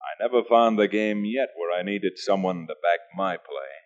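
An actor playing a calm, cocky outlaw gunslinger who talks in clipped, menacing lines, in a 1940s radio western. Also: male voice, low voice, moderate pace, natural voice. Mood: cool. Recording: dull old radio recording.

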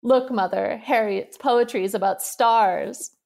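A woman reading aloud, voicing a teasing young boy who mocks his playmate, in a loud, drawn-out way. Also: mid-range voice, vocal fry. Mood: mocking. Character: giggling mocking young boy.

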